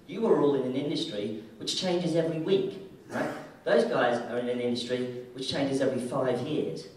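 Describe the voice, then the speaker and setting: A man's voice: mid-range voice, a little mellow, slight background noise. A man giving a casual, joking conference keynote talk in an irreverent manner, from the United Kingdom. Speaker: keynote speaker. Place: large conference hall. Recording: echoey hall, mic heard from far off.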